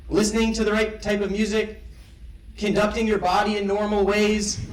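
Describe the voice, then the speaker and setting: A young man giving a graduation speech as valedictorian, wry and playful, then reflective. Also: high voice. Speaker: valedictorian speaker. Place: large ceremony hall. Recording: roomy hall sound from a distant mic.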